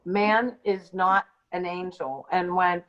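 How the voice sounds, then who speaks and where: A woman co-hosting a podcast, telling a personal story in an unscripted, halting way with frequent ums and restarts. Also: fairly low pitch, fairly even intonation, a bit bright. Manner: hesitant, many ums and restarts. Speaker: podcast co-host. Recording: dull lo-fi audio.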